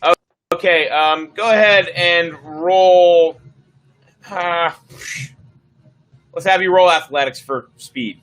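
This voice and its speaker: A man narrating a tabletop game as game master over a stream, easygoing and relaxed, with many filler words. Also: sits high, slow, long pauses, rough recording.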